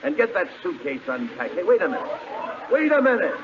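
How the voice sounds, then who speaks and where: A man's voice: sits high, wildly swooping pitch, a little fast, crowd noise. A man playing an exasperated straight man in a 1940s radio comedy. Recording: muffled 1940s radio broadcast with hiss.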